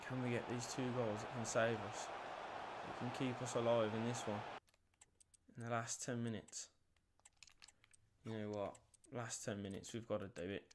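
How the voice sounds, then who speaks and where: A young man commentating his own football video game match, nervy and swearing, bursting into shouts at big moments. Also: medium pitch, flat delivery, normal speed, pauses often, background noise. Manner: nervous, swearing, erupting into shouts at goals. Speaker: gaming YouTuber. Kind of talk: live gameplay commentary.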